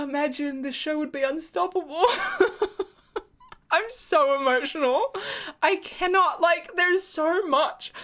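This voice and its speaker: Emotional gushing young woman, slow talker. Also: high voice, fairly bright tone. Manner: gushing, emotional, laughing through sighs. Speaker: fan channel host. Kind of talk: casual TV episode reaction.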